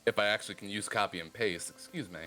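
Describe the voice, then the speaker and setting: Bright-voiced man running a tabletop game. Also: lowish voice, faint music behind. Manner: descriptive and playful, slowing down for dramatic detail. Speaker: game master.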